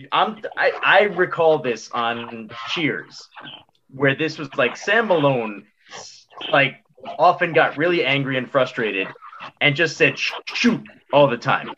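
A man's voice: medium pitch, bright, forceful tone, highs cut off, slight background noise. A man co-hosting a podcast, ranting emphatically about something that annoys him. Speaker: co-host. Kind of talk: casual podcast chat.

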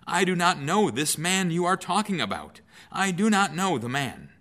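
A man's voice: sing-song, normal speed, fairly bright tone, exaggerated voice. A man voicing a frightened disciple in denial. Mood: panicked denial. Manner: pitch rising sharply in protest. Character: frightened male disciple denying his teacher.

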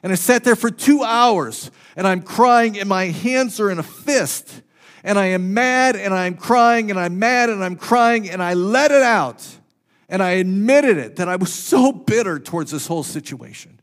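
A pastor with a high voice preaches unhurriedly, weaving his sermon around a personal story. His delivery swings from loud to soft, with phrases repeated for emphasis.

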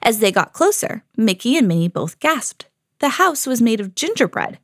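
A woman hosting a children's podcast, reading a storybook aloud in an expressive storytelling manner. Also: a little high, moderate pace, dry recording, clean studio sound.

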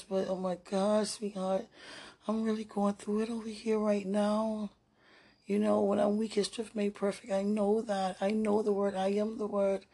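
A woman recording an emotional spoken message to a loved one, halting and sighing, dropping to breathy whispers at times. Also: medium pitch, darkish tone. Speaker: podcaster.

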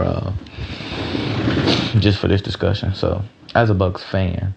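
A man's voice: sits low, vocal fry, breathy edge, muffled recording. A tired man hosting a rambling, loose, profane sports talk show, with many restarts. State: a little tired. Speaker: sports podcast host.

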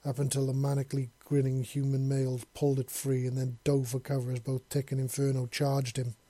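Man, story narrator, steady low-key reading, mellow dark tone, dry close sound. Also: fairly quick, no room sound. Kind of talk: audiobook reading of a fan story.

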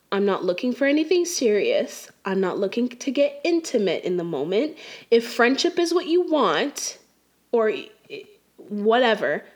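Exasperated young woman ranting casually. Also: medium pitch. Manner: exasperated, slangy, talks straight to the viewer. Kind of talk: casual storytime rant.

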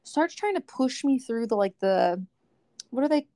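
Philly woman podcast host, chatty, kinda high voice, dry close mic, ranty storytelling. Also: expressive, normal speed, dark tone, no room sound. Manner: chatty, ranting storyteller, quotes people, laughs often. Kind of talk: casual chat.

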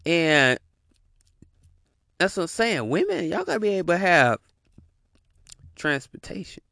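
A man's voice: on the high side, wildly swooping pitch, unhurried, vocal fry, pushed and bright, no echo, clean studio sound. A man giving a heated, profane reaction rant, repeating his punchlines. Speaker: commentator reacting to a video.

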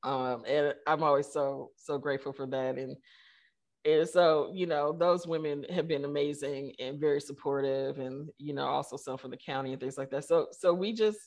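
A woman's voice: low-pitched, moderate pace. A middle-aged woman, a tech company co-founder, talking as a guest in a casual interview, telling stories with lots of fillers and acting out the quotes. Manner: animated storyteller, many fillers, acts out quotes.

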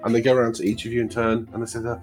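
A man's voice: medium pitch, monotone, rapid-fire, soft background music. A man narrating as game master of a tabletop game, rambling with frequent restarts. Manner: rambling, many fillers and restarts.

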